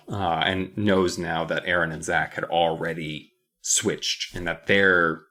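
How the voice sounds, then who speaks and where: A man's voice: deep voice, unhurried. A man co-hosting a podcast, casually discussing a book and acting out the characters' lines. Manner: animated, acts out characters' lines. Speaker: podcast co-host.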